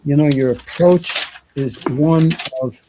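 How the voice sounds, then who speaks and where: A man's voice: a little high, slow pace, noisy background. A man hosting a live talk show, talking in a reflective, rambling way about responsibility and going inward. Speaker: host. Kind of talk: casual chat.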